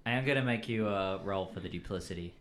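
A man running a tabletop game as game master, relaxed and rambling with filler pauses. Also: low-pitched, a little hiss or hum.

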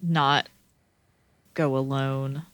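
A woman playing a tabletop role-playing game, cautious and thinking through plans out loud. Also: rumbling low, level tone, extremely slow, no echo. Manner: cautious, reasoning aloud. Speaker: player. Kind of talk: tabletop role-play banter.

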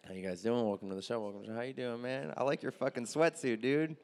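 A man's voice: medium pitch, fast, darkish tone. Crude rambling stand-up comic man. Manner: loose, crude, rambling, chatty with the crowd. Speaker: stand-up comedian. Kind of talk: stand-up set with crowd work.

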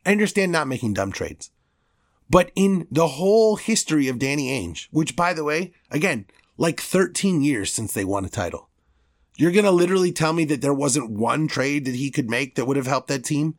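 A man's voice: on the high side, animated, moderate pace. A man hosting a sports podcast, delivering a heated, profane rant with strong emphasis.

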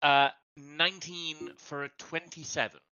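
A woman's voice: low-pitched, steady tone, unhurried, bright, forceful tone, clear, resonant tone. A woman playing a tabletop game, in casual, joking table talk. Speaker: player. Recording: dull lo-fi dry sound.

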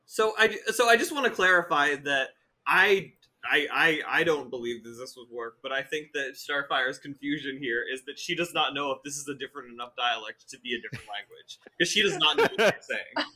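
A man playing in a tabletop role-playing game, halting and full of restarts. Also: a little high, animated, sharp tone. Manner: hesitant, many restarts. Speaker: player.

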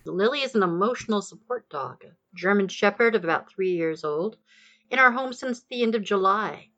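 A woman introducing and reading her own short poem in a gentle, wry manner. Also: medium pitch, lively intonation, moderate pace. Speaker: poet. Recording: lo-fi dull recording.

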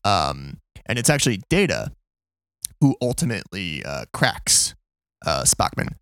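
A man's voice: low voice, big pitch swings, a little slow, fairly bright tone, no room sound, studio quality. A man co-hosting a casual podcast chat, speaking reflectively with many hesitations. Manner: hesitant, full of ums and uhs, reflective. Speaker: podcast co-host.

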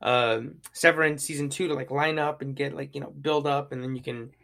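A man's voice: mid-range voice, fairly even intonation, fairly quick, creaky, a bit bright. A young man co-hosting a podcast in casual chat, rambling and agreeable with many fillers. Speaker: podcast co-host.

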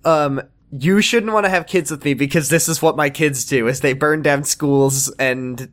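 Sarcastic man with a higher voice. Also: moderate pace. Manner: dry, sarcastic asides. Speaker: podcast co-host. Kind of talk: casual chat recapping a TV show.

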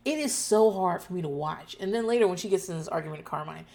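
A woman host talking casually and loudly about a show, profane and animated, acting out people's lines in shouts. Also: on the low side, fast. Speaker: podcast host recapping a TV show. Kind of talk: casual chat.

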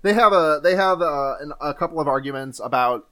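A young man hosting a casual podcast, recapping a film scene by scene with lots of laughter and acted-out lines. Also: mid-range voice. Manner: animated, quick to laugh, acts out characters' lines; swears casually. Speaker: podcast host.

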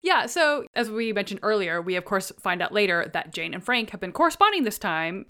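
A woman in casual conversation about a novel, talking at a middling pitch. Her voice rises and falls a lot, and she laughs and slips into little acted-out lines as she goes. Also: fairly quick, smooth. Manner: animated, laughs often, acts out quotes. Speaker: podcast co-host. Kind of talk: casual book discussion.

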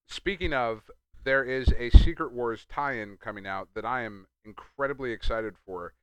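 A man's voice: mid-range voice, unhurried, fairly bright tone, clean tone, dry recording. A man chatting casually as a podcast co-host, eager and upbeat. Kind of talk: casual chat.

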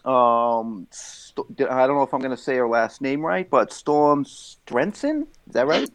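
A man's voice: medium pitch, dry recording. A man co-hosting a podcast in a joking, hesitant way, swearing casually. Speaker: podcast co-host.

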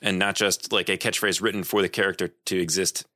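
A man's voice: low-pitched, fairly quick, no room sound, clean studio sound. A man in a casual chat, telling an anecdote with energy and acting out the people in it. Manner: animated anecdote-telling with voiced quotes.

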